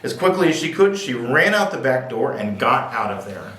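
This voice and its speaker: A man's voice: medium pitch, sing-song, normal speed, fairly bright tone. A man reading picture books aloud at a library, with playful, jokey asides. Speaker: library storyteller. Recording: echoey room, distant mic.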